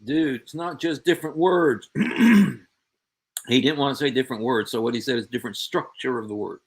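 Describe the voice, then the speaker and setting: Male host, mid pitch, pointed and sarcastic, talks straight at an absent rival. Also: a little fast, husky. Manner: sarcastic, repeats quoted phrases pointedly; emphatic, addresses an absent opponent directly. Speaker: show host. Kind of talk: commentary on played clips.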